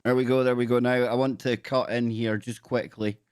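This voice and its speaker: A man's voice: medium pitch, level tone, fairly quick, background noise. A man hosting a casual talk show, jovial and bantering, often repeating his catchphrases. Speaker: podcast host. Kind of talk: casual radio-show chat.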